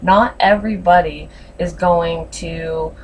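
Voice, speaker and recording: A woman's voice: lowish voice, steady tone, slow, recorded from a distance, a little hiss or hum, poor audio. A woman giving a casual tarot reading, blunt and frank, swearing freely. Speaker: tarot reader.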